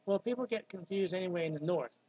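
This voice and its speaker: Man in his fifties, Virginia drawl, high-pitched, rambling vlog talk on a dull lo-fi recording. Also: fast talker, mellow, slight background noise. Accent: Southern American (Virginia). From Virginia, USA. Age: 50s. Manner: rambling, digressive, with many ums. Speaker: vlogger. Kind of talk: casual monologue.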